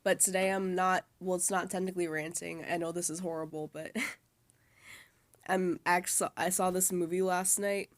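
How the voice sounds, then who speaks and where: A woman's voice: fairly low pitch, little pitch movement, moderate pace. A young woman in college, chatting casually from her dorm bed and rambling with lots of fillers and restarts. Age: young adult. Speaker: vlogger. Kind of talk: casual chat.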